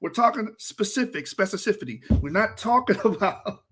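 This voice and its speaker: A man's voice: high-pitched, lively intonation, moderate pace, fairly bright tone, husky. A man hosting a reaction video, talking casually in an exasperated, ranting way and breaking into laughter.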